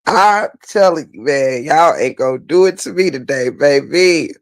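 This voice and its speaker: A man recapping last night for his viewers in an unhurried, gravelly drawl, breaking into tearful laughter over and over. His voice sits high, and the sound is close and dry. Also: animated, no room sound. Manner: laughing hard, crying with laughter, drawling Southern slang. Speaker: host.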